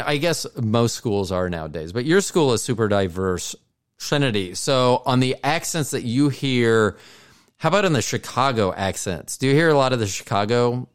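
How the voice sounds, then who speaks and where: A man's voice: medium pitch, smooth. A middle-aged man hosting a casual family podcast chat, asking rambling, probing questions. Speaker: podcast host, father.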